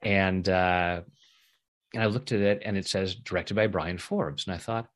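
A middle-aged man telling a personal story in a casual interview, lively when he acts out what others said and laughing often. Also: low-pitched, moderate pace. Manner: animated when acting out quoted voices, laughs often. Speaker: interview guest, EFT practitioner.

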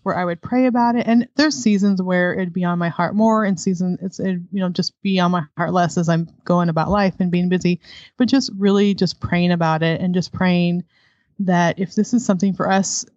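A woman with a fairly low voice talks candidly, laughing often as she tells stories from home. The sound is dry and a little dull. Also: steady tone, a little fast, a little mellow, dry recording. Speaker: guest, adoptive homeschooling mother. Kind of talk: conversational interview.

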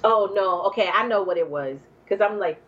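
A woman, a mother in her thirties or forties, telling a personal story as a guest, leaping to high exclaims when she quotes herself. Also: fairly quick, distant mic. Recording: dull lo-fi recording.

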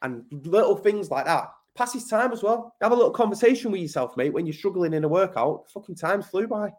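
English guy, manchester, on a podcast, bit higher voice, sweary and fired up, mate every other line. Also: animated, fairly quick, a little mellow. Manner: blunt, sweary, emphatic, keeps saying mate. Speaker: podcast guest. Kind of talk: casual conversational interview.

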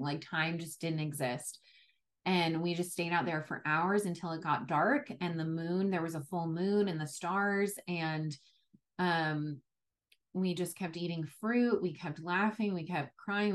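A young woman hosting a podcast, telling a personal story in a casual, chatty way with lots of "like" fillers. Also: lowish voice. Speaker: podcast host.

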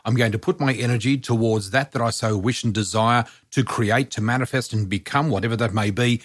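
A man's voice: mid-range voice, fairly quick, dry recording, clean studio sound. A man in his sixties, a psychic medium talking as a podcast guest, earnestly encouraging the listeners. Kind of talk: casual podcast chat.

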